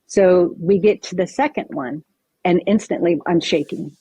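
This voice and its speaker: A woman's voice: lowish voice, moderate pace, slightly rough, no room sound, lo-fi sound. A woman guest on a podcast, recounting a personal story vividly and acting out what people said. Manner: vivid, animated retelling with acted-out quotes.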